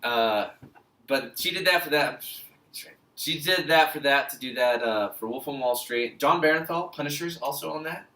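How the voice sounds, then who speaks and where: Male co-host, casual movie banter, animated delivery; bright tone, recorded in an echoey room. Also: medium pitch, normal speed. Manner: animated, laughs often, acts out quotes. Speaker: podcast co-host. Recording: echoey room, mic at a distance.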